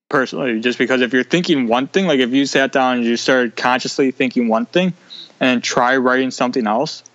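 A man's voice: medium pitch, fairly bright tone, no room sound, muffled recording. A man talking candidly on a video call, rambling and opinionated as a guest. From United States. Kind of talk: casual video-call interview.

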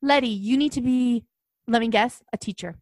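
Actress as a vain, erratic female director; high-ish, bossy, abrupt non-sequiturs, dry mic. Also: moderate pace, darkish tone, no room sound. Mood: brash. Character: self-absorbed erratic female Hollywood director. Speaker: guest. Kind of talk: improvised comedy podcast.

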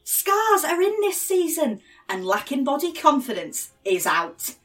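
A woman's voice: high-pitched, big pitch swings, unhurried, fairly bright tone, recorded from a distance, soft background music. Giggly Northern English woman. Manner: giggly, breaks into laughter between takes. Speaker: voice actor. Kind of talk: blooper takes of a mock advert read.

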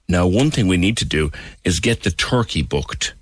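A man's voice: sits low, lively intonation, moderate pace, a little hiss or hum. A man with an Irish accent hosting a radio show, chatting casually and playfully, jumping from topic to topic.

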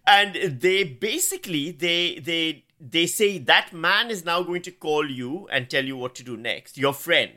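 Male comic co-host, from Pakistan, bright and lively, self-deprecating anecdotes. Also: on the high side, a little slow, few pauses. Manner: animated storyteller, self-mocking. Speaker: comedian, podcast co-host. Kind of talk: casual chat, anecdote telling.

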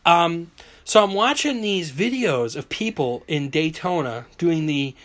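A man hosts a loose, chatty podcast, recorded on a phone. He tells stories with high energy and acts out the reactions. His voice sits high and swings widely in pitch. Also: measured pace. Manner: animated storyteller, acts out reactions and screams. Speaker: podcast host. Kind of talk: casual chat.

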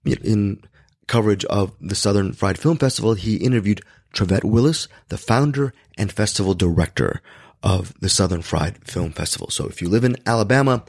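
Hoarse, raspy man in his fifties. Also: normal speed, no echo, clean studio sound. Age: 50s. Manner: rambling, frequent self-corrections, jumps to excited high pitch. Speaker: podcast host. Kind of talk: casual podcast chat.

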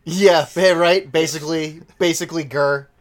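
Low-voiced woman with dry asides. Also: fairly even intonation, normal speed. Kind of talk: casual group chat.

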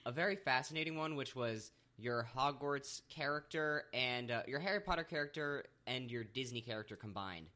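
A man's voice: mid-range voice, moderate pace, hardly any pauses, pushed and bright. A young man co-hosting a podcast, chatting casually and rambling in an easygoing, self-deprecating way. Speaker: podcast co-host. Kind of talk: casual chat.

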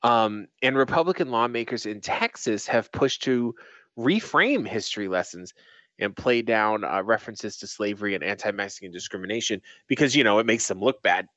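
A man's voice: fairly low pitch, expressive, moderate pace, a bit bright, no room sound, muffled recording. A young man co-hosting a casual podcast, reading a news article aloud and breaking off into swearing asides. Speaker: podcast co-host.

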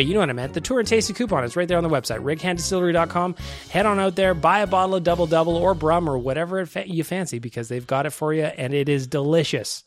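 A man hosting a sports podcast, ranting and joking in a casual, self-mocking way. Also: on the high side. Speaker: podcast host.

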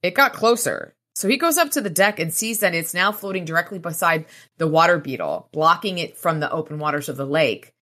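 Here a woman podcast host reads from a novel and retells its scenes with casual, sweary commentary, giving the characters mild voices as she switches between reading and retelling. Her fairly low voice is pushed and bright, with lively intonation and a fairly quick pace.

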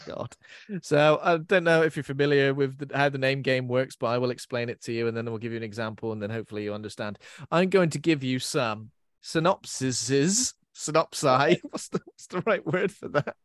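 A man's voice: mid-range voice, normal speed, no echo, studio quality. A man hosting a podcast in a casual chat, giggling and mocking himself as he stumbles over his words. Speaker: podcast host.

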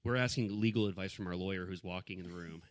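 A man's voice: low-pitched, quick pace, no room sound. A man co-hosting a podcast in casual chat, joking and playful as he banters back and forth. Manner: joking, animated, playful mock-legal banter. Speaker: podcast co-host.

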